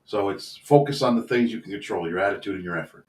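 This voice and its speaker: Male football coach, rambling earnest storyteller, lowish voice, echoey distant recording. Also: quick pace, darkish tone. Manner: candid, rambling, earnest, swears casually. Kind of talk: casual storytelling in a podcast interview. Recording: roomy sound from a distant mic.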